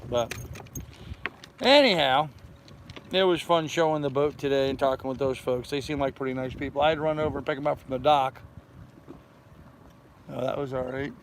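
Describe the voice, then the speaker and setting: A man's voice: mid-range voice, fairly even intonation, normal speed, long pauses, a little hiss or hum, rough recording. An older man hosting a casual livestream from his sailboat, rambling along in a folksy way and greeting chat viewers by name. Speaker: channel host. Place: aboard a sailboat on a mooring.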